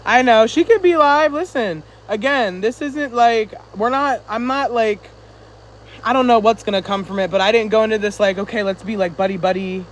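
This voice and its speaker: A man with a high voice talks loosely to viewers on a phone live stream. He is chatty and a little winded, laughing as he reads their comments. A faint hum of air conditioning sits behind him. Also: normal speed, poor audio. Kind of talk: casual live-stream chat reading comments.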